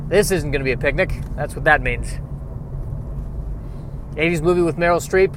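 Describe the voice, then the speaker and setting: A man's voice: fairly high pitch, moderate pace, pauses often, a little hiss or hum. An American man in a car, rambling in casual chat with joking, self-mocking digressions. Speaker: vlogger.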